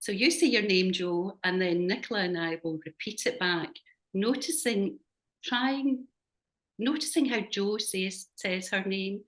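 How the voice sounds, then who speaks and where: A woman with a Scottish accent, guiding a group exercise as facilitator over a video call, giving gentle, measured instructions. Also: mid-range voice. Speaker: workshop facilitator.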